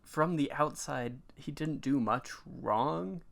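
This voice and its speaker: A man's voice: fairly high pitch, lively intonation, slow pace, gravelly. A man co-hosting a podcast, casually recapping a movie plot with lots of fillers. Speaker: podcast co-host. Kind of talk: casual movie review chat.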